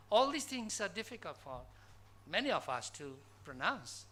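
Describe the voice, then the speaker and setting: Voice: medium pitch, big pitch swings, moderate pace, fairly bright tone, slightly rough. A conference speaker from Bangladesh giving an academic lecture in a college hall, posing emphatic rhetorical questions to the audience.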